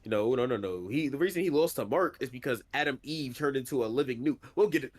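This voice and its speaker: A man co-hosting a podcast in casual chat, relaxed and slangy, laughing as he argues. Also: medium pitch, quick pace. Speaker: podcast co-host.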